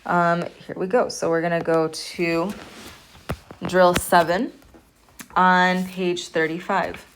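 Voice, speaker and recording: Slow, patient woman language teacher. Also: lowish voice, little pitch movement, slight background noise. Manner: slow, patient, repeats sounds for students to hear. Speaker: Arabic language professor. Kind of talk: recorded online lecture.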